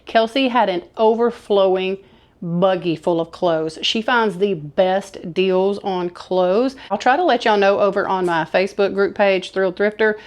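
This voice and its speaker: A woman's voice: medium pitch, unhurried. A woman, chatting enthusiastically to camera as she shows off her thrift haul. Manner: chatty, enthusiastic, says y'all. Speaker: thrift vlogger showing a haul. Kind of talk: casual haul chat to camera.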